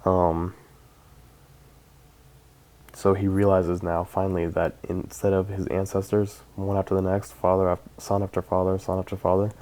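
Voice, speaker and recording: A man gives a casual, hesitant retelling of a book, filling gaps with many pauses and fillers. His voice is low and sits in a narrow, flat range. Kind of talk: casual book synopsis narration.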